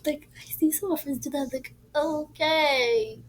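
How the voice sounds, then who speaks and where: A woman's voice: sits high, unhurried, poor audio. A woman telling a ghost story in a casual, rambling way, often dropping to a whisper.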